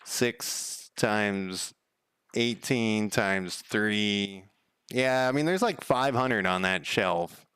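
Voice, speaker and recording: A man's voice: lowish voice, very slow, a bit bright, clean tone, no echo. A man live-streaming while he codes a game, chatting casually in a rambling, profane way and counting under his breath. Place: home room.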